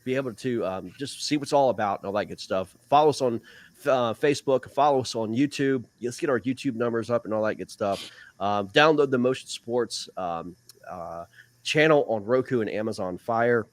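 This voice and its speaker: A man hosting a casual live stream, upbeat and quick to laugh, trailing into repeated filler words. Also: mid-range voice, no room sound. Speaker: host, league commissioner.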